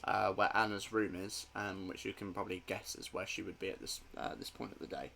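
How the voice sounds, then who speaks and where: A man's voice: deep voice, little pitch movement, fairly quick, gravelly, bright, forceful tone, a little hiss or hum. A man narrating as game master of a tabletop role-play, hesitant and full of fillers.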